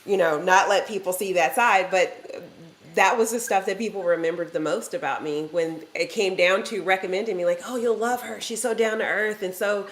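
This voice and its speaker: A woman's voice: mid-range voice, normal speed. A woman hosting a casual business talk show, easygoing and laughing often. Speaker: host. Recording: roomy echo.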